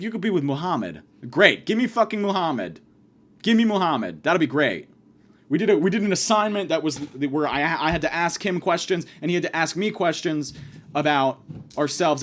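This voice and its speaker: A man's voice: a little high, expressive, brisk, a bit bright. A young man ranting in a profane, exasperated comedy monologue. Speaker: podcast host. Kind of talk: comedic rant.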